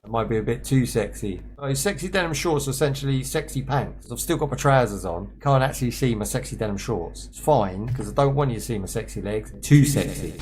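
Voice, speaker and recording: A man's voice: medium pitch, animated, a little fast, few pauses, a little mellow, slight background noise. A young man streaming a survival game, chatting and joking with viewers as he plays. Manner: chatty, joking, talks to chat and to himself. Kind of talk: casual gameplay commentary.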